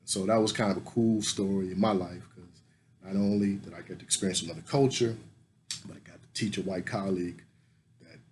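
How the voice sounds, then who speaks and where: An American man telling a story in a casual, comic way, swearing a lot and rising to loud indignation. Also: deep voice, steady tone, a little fast, a little hiss or hum. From United States.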